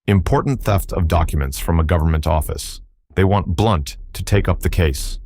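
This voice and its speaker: A man's voice: sits low, normal speed, gravelly, a little mellow, a little hiss or hum. A man voicing a young office boy who is polite, self-important and confiding. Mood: officious.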